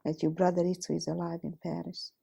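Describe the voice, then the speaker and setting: A Hungarian Holocaust survivor in her fifties talks fast as she recounts her life story plainly and directly, often repeating "I says." Her low voice is flat in delivery, dark in tone, with vocal fry and a breathy edge.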